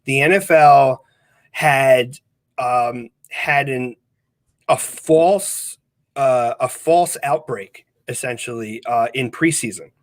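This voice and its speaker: A man's voice: mid-range voice, slow pace, no room sound. A man co-hosting a podcast in casual chat, rambling along with lots of fillers and restarts. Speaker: podcast co-host.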